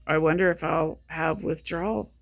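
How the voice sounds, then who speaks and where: Here a vlogger with a steady, mid-range voice and vocal fry talks at normal speed, recorded without echo. Sick, worn out and short on sleep, they meander through a casual monologue, repeating themselves and abandoning sentences to start again.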